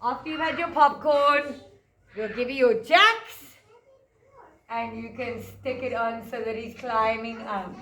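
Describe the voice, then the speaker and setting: Teacher lady reading a fairy tale to little kids then doing crafts, bright voice, slow, echoey room. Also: a little high. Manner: gentle, sing-song, drawn-out words. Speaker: preschool teacher. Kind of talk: storytelling and craft lesson for children.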